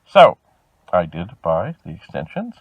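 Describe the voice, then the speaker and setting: A man from Canada telling a long customer-service story, animated and exasperated in tone. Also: sits low, slightly rough, dry recording, rough recording. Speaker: video host. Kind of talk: storytelling vlog.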